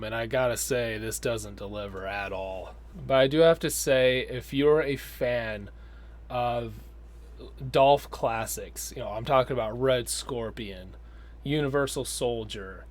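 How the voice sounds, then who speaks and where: A male film reviewer talks casually at a mid-range pitch. His delivery is rambling and sardonic, with lots of fillers.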